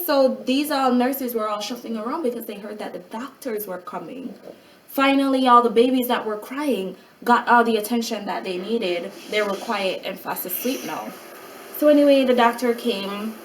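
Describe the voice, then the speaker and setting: A mother in a casual vlog, retelling a hospital night in an animated way and acting out what other people said. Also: on the high side, distant mic, slight background noise, rough recording. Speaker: mother of a child with a rare syndrome.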